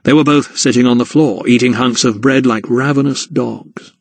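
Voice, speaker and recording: In this scripted audiobook narration, a man tells the story at a steady, measured pace with a mid-range pitch. The sound is close-miked and completely dry, free of any room ambience.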